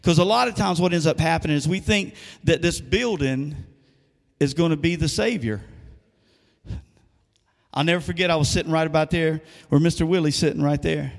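Pastor preaching in an echoey hall. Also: male voice, a little high, normal speed, gravelly. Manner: conversational preaching with call-and-response questions. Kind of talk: sermon. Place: church sanctuary.

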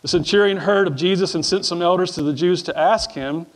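A man's voice: sits high, brisk. A middle-aged male pastor preaching a sermon in a church, reading scripture and calling on the congregation to answer back, often repeating his words. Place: church sanctuary before a congregation.

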